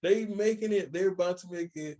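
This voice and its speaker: A young man co-hosting a casual chat, telling stories with animated voices for the people he quotes. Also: high voice, a little fast. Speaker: podcast co-host.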